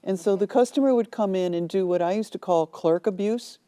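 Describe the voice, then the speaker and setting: A woman author telling lively anecdotes in a TV studio interview, acting out the people in them. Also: mid-range voice, brisk. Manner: animated storyteller, acts out quoted voices. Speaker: author guest.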